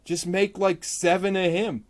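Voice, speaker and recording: A man vlogging while he draws, ranting casually about a movie in a rambling, profane way, his voice jumping up in pitch when he gets exasperated. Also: little pitch movement, a little slow, slight background noise. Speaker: artist vlogger. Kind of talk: casual rant while drawing.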